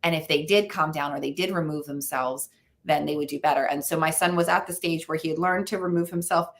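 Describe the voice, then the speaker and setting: A woman from the United States speaks as a parenting expert guest in a relaxed interview. Her voice sits a little low, and she tells stories in an animated way, peppered with fillers. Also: a little fast. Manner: animated storytelling with frequent fillers. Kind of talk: conversational interview.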